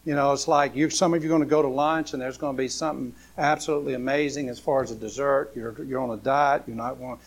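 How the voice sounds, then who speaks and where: A man's voice: medium pitch, steady tone, quick pace, hardly any pauses, slight background noise. A man preaching a casual sermon as a pastor, speaking in a loose, repetitive way with many fillers and rhetorical questions. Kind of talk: conversational sermon.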